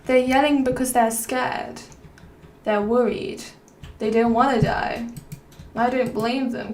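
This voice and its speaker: A woman streamer musing aloud and rambling between topics while playing a game. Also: a little high. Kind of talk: rambling gameplay stream chat. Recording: roomy, slightly distant mic with faint noise.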